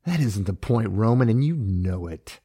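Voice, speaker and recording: A man's voice: fairly low pitch, lively intonation, normal speed, warm tone, husky. A man voicing a distraught middle-aged mother who scolds and pleads with her son. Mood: weary, pleading. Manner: pleading, exasperated.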